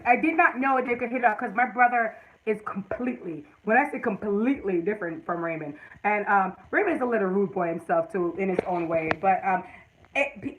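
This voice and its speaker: A woman's voice: mid-range voice, fairly bright tone, slight background noise, poor audio. Woman, Jamaican accent, livestream host, rambling emphatic storytelling, casual chat.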